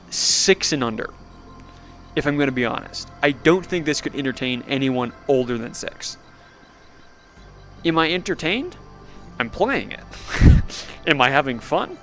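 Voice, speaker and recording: A man's voice: fairly high pitch, fairly bright tone. A young man streaming a VR game live, commenting sarcastically and laughing often. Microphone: VR headset mic.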